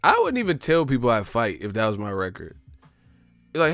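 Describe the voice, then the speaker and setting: A man doing loose, joking boxing commentary for his online channel, in slangy street talk with quick put-on voices. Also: mid-range voice, wildly swooping pitch, fairly bright tone, no echo, faint music behind. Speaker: boxing YouTuber. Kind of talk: casual comedic boxing commentary.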